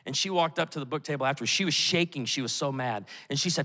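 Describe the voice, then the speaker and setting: A middle-aged male pastor delivers a sermon with lively storytelling, acting out the voices he quotes. His voice is bright and sits slightly high. It rings with the long reverb of a large church auditorium. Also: fast talker.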